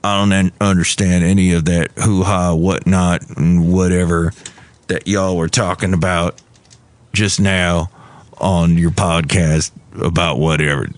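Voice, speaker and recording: A man voicing a grumpy, low-voiced fiddle player who grumbles in a folksy way. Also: flat delivery, measured pace, no room sound. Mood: grumbling.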